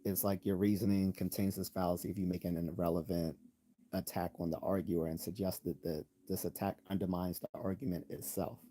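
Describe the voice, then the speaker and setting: A man hosting a live stream, explaining logical fallacies in a loose, halting way with many ums and restarts, sometimes reading out definitions. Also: deep voice, fairly even intonation, warm tone. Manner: reads out definitions and examples. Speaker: channel host.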